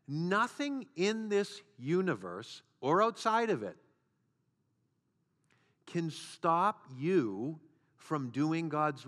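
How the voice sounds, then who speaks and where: Slow-preaching man in a reverberant hall. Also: on the high side, fairly bright tone. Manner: measured preaching with repeated phrases and rhetorical questions. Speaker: pastor. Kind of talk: sermon.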